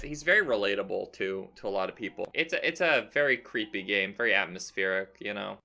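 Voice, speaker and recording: A man's voice: on the low side, lively intonation, brisk, gravelly, hardly any pauses, sharp tone. Rambling young-sounding male comic reviewer. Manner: rambling, laughs at his own reading. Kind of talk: casual commentary.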